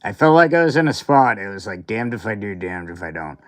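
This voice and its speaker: A man's voice: on the low side, big pitch swings, brisk. A man hosting a casual livestream, rambling and grumbling with mild cursing. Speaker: livestream host.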